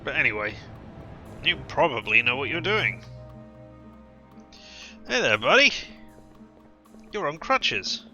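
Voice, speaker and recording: A man's voice: mid-range voice, sing-song, slow pace, pauses often, sharp tone, muffled recording, soft background music. A man streaming a game, making wry, joking comments and reading choices aloud.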